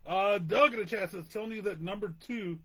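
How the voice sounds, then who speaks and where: Male podcast co-host, husky, playful banter, reads the chat. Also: sits high, fairly bright tone. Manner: chuckling, playful, quick banter. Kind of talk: casual chat.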